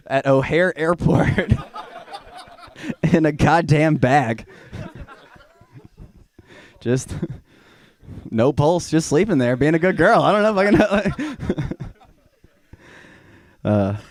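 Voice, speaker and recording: A man's voice: on the high side, animated, drawn-out words, long pauses. A young man from Georgia doing a rambling, profane stand-up set in a small venue. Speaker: stand-up comedian.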